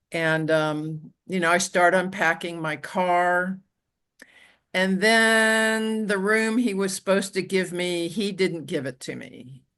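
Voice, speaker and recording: A woman telling her own story as an interview guest, in a halting way with frequent restarts and "you know". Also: on the low side, a bit bright. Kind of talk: conversational personal storytelling.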